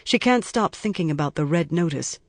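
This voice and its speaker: A man reading a crime novel aloud in even, measured scripted narration. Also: on the high side, no room sound. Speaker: audiobook narrator.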